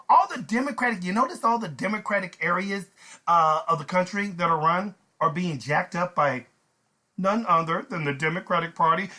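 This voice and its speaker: A man ranting to the camera in a sarcastic, heated way, with a high voice that swoops up and down. His tone is bright and sharp, and his delivery is animated throughout. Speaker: channel host. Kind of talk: ranting commentary vlog.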